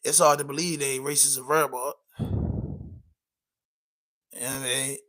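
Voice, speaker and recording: Bright-voiced man chatting casually. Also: medium pitch, fairly even intonation, normal speed, rough recording. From Baltimore. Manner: loose, emphatic, peppered with "you know what I'm saying". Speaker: podcast host. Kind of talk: casual livestream chat.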